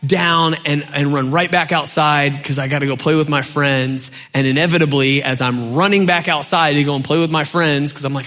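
Brief: pastor, man, slightly high and bright voice, chatty storytelling sermon. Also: a little fast, soft background music. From southern United States. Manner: conversational, storytelling, many fillers.

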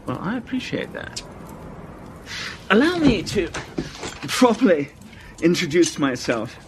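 A man's voice: high-pitched, big pitch swings, a little slow, background noise, full character voice. An actor playing a fussy, genteel hangman who speaks in a prim, wordy, overly polite way.

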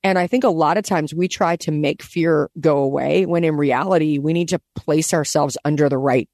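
A woman co-hosting a casual Bible-study podcast, talking animatedly and acting out scenes in lively quoted voices. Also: low voice, normal speed, dry recording, clean studio sound. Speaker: podcast co-host.

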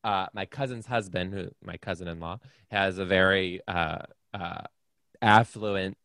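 Deep-voiced man telling dramatic stories. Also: a little slow, no room sound, clean studio sound. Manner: animated, dramatic storyteller with playful sass. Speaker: podcast guest. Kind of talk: casual chat.

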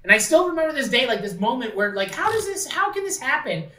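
A man rambles through a story, full of filler words and cursing. His voice is bright and sharp. He sits well back from the mic in an echoey room. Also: very high voice, big pitch swings, quick pace, recorded from a distance, slight background noise. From Niagara region of Ontario, Canada. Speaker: podcast host. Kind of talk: casual podcast chat.

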